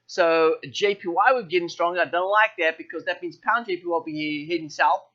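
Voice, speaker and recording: A man hosting a live trading show, thinking aloud through currency charts with many fillers and quick self-corrections. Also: fairly high pitch, sharp tone, muffled recording. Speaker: forex trading show host. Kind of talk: live market walkthrough.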